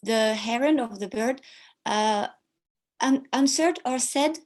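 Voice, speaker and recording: A woman student with a high voice reads and translates slowly and carefully, pausing between words. She comes through a video call. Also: a little mellow. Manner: careful, halting reading and translating.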